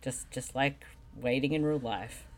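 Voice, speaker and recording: A woman's voice: rumbling low, measured pace, darkish tone. A woman chatting casually over a movie, dry and teasing. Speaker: co-host.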